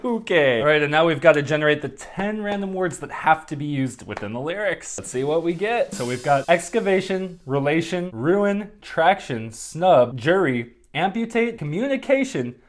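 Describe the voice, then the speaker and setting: A man talks through his songwriting in a loose, self-mocking way, as if working it out in real time. His voice sits a little high and swings widely in pitch. It sounds like a casual home recording. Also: normal speed, few pauses. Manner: animated, self-deprecating, thinking aloud. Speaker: songwriter host.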